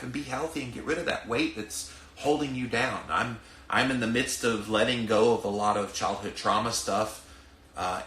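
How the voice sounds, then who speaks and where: In an echoey room with a little hiss or hum, a middle-aged man with a Southern US accent pushes out a bright, medium-pitched voice. He hosts a podcast of ranting commentary, preachy and emphatic, speaking directly to listeners.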